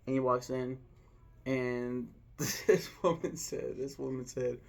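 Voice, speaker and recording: This young vlogger casually ranks his favorite restaurants in a rambling food video, swearing freely and pausing to search aloud for names. His medium-pitched, gravelly voice stays fairly flat and moves a little slowly.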